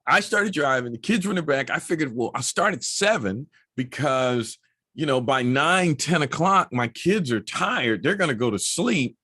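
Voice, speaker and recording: A man's voice: medium pitch, expressive, moderate pace, pushed and bright, husky. A middle-aged man talking casually to camera as a motorcycle vlogger, chatty and anecdotal with many asides.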